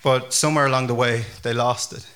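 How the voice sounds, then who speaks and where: Pastor, male, bright ringing tone, chatty loose delivery with lots of fillers. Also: medium pitch, brisk. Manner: chatty, animated, many fillers and restarts. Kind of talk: casual conversational sermon.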